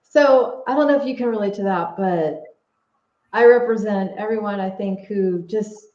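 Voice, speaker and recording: A woman's voice: mid-range voice, normal speed, darkish tone. A woman guest talking casually in an interview, hesitant, with many fillers and restarts. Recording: echoey, slightly dull audio.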